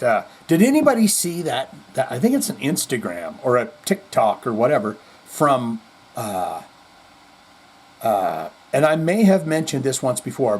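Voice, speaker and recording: Male rock-news host, husky, lively swings, slightly high voice, rambling storyteller. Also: low-quality recording. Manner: animated storytelling, rambling asides. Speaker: podcast host.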